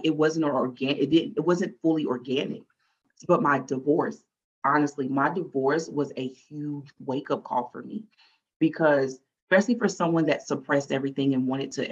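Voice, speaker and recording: A woman with a husky, breathy voice tells her faith story openly and from the heart. She slips into lively voices when she quotes her past self. The recording sounds slightly muffled and lo-fi. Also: deep voice. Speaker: guest. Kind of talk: personal faith testimony.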